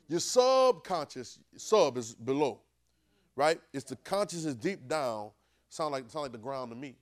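A man preaching to a class in a loose, conversational way, often asking "right?" as he goes. He drops to a low murmur and then breaks into sudden loud bursts. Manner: call-and-response, keeps asking "right?". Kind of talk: conversational sermon.

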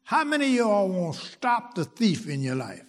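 High-voiced man preaching a lively sermon. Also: moderate pace. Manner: emphatic, swinging between loud lines and hushed asides; repeats phrases for rhythm.

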